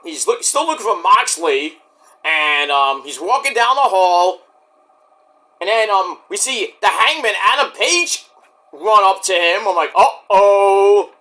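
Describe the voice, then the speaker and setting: Lively high-voiced man recapping casually. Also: a little slow. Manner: rambling with self-corrections, acts out quotes. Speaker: wrestling reviewer.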